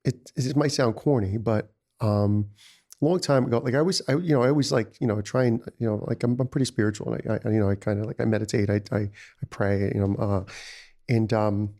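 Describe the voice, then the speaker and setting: A man's voice: fairly low pitch, brisk, dark tone. A man, a restaurant founder telling stories in a casual interview, rambling with many "you know"s. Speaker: restaurant founder, podcast guest.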